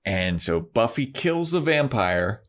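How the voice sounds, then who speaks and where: A man's voice: mid-range voice, slow pace. A man casually recapping a TV episode with a co-host, retelling the scenes loosely and slipping into playful quoted lines. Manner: laid-back, relaxed retelling with playful quoted voices.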